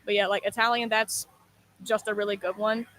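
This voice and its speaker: A woman's voice: medium pitch, level tone, a little fast, fairly bright tone, no room sound, poor audio. A woman chatting as a guest, in a chatty, self-deprecating way. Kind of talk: casual chat.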